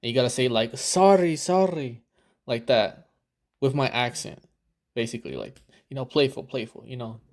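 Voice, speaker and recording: A man's voice: medium pitch, steady tone, a little fast. Dating coach guy reacting to a clip, swears a lot, rambles, acts out his own lines. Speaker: dating coach reviewing footage. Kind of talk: casual reaction commentary.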